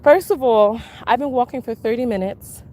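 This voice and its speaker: Breathless woman vlogging on a walk outside, sassy, laughing at commenters, kinda high bright voice, faint traffic behind. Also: normal speed. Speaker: vlogger and podcast host. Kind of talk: casual live-stream chat while walking. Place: outdoors on a walk. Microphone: handheld camera while walking.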